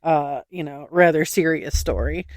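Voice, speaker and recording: With a low-pitched voice and an ordinary speaking speed, this podcast co-host chats casually, laughing through stories and sharing odd state laws with the "y'all" she addresses. The studio recording is clean, with no room sound.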